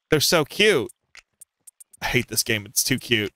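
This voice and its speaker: A man's voice: mid-range voice, sing-song, a little slow, sharp tone. A man hosting a let's play, chatting casually in a gushing, playful manner. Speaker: gaming channel host. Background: faint game music.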